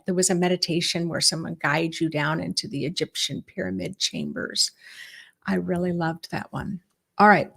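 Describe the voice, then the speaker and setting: A middle-aged woman, a spiritual teacher, talking casually to her viewers and guiding them through imagery in a chatty, encouraging way. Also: fairly low pitch. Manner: chatty and encouraging, guides the listener through visualizations. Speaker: spiritual teacher hosting a live stream.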